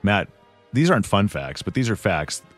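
A man's voice: lowish voice, big pitch swings, moderate pace, soft background music. A man hosting a podcast in easygoing, self-deprecating casual chat. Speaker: podcast host.

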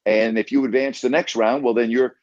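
A man's voice: mid-range voice, fairly even intonation, a little fast, darkish tone, dry recording, dull audio. A man hosting a call-in sports radio show, blunt and emphatic, who keeps repeating himself to press his point.

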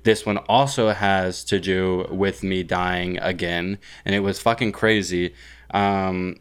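A man's voice: low-pitched, steady tone, slow, clean tone. A young man co-hosting a podcast, telling a dream in a rambling, casual way with lots of fillers and swearing. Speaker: podcast co-host.

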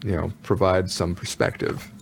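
A man guests on an interview, speaking in a low voice with a gravelly edge. He tells his stories thoughtfully and at a measured pace. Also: little pitch movement, soft background music. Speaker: musician guest. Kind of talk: casual interview chat.

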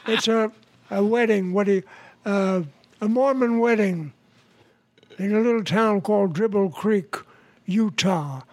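A New man in his nineties tells stories in a halting, chuckling way and often restarts his sentences. His voice sits high for a man. The recording is close and dry, in his home. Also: no room sound. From New York City. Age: 90s. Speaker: guest, veteran actor-comedian. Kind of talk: casual anecdotes in an interview.

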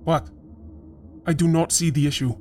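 A woman voicing a blunt, smug man with a low voice and clipped, broken English. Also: steady tone, moderate pace, mellow, faint music behind, lightly acted. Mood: sulky.

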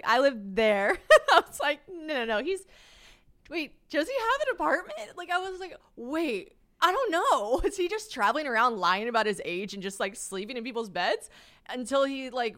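Animated woman in her late twenties. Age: late 20s. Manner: animated, swears, acts out quotes with jumps in pitch and volume, laughs often. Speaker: podcast host. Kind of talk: casual storytelling. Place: her apartment.

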